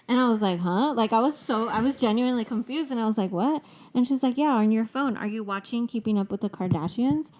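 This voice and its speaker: Laid-back woman with a mellow, sleepy voice. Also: on the high side, brisk, a little hiss or hum. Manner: laid-back, drowsy-sounding delivery. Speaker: podcast co-host. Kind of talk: casual chat.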